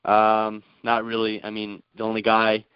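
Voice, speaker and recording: Man, caller, casual sports chat, monotone, dry lo-fi sound. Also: fairly low pitch, measured pace, smooth, dry recording. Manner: hesitant, many fillers and restarts.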